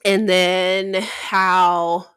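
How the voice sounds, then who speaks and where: A woman co-hosting a book podcast, retelling a plot in casual chat with lively acted-out quotes. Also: fairly low pitch, drawn-out words, clear, resonant tone, no room sound, clean studio sound. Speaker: podcast co-host.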